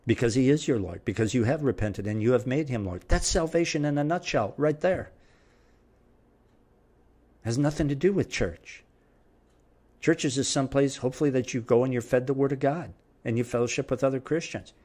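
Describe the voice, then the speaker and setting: A man's voice: mid-range voice, brisk, a little mellow. Emphatic man preaching a sermon. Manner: emphatic, repetitive preaching cadence. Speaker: preacher and Bible teacher. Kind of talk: verse-by-verse sermon.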